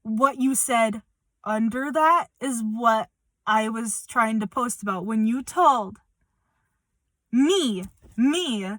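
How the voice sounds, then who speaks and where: A young woman speaks bluntly and confrontationally in a personal update vlog, swearing as she calls someone out. Her voice is a little high, bright and forceful, with no echo.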